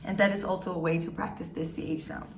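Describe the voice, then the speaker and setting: A woman's voice: fairly low pitch, fairly even intonation, fast talker, roomy sound, slight background noise. A woman, a teacher giving an encouraging, step-by-step pronunciation lesson and having learners repeat after her. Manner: encouraging, demonstrates sounds and has learners repeat. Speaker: German language teacher.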